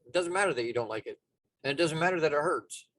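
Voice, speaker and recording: A man's voice: on the high side, expressive, fast talker, fairly bright tone, no echo. A man giving a motivational talk as a life coach, casual and emphatic, often restarting his sentences.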